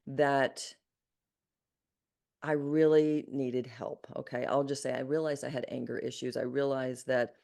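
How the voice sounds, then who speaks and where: A woman in her sixties from Arkansas with a Southern accent, a guest telling her life story in an earnest, animated way with frequent restarts. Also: rumbling low, creaky. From Arkansas, USA. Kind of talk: storytelling in an interview.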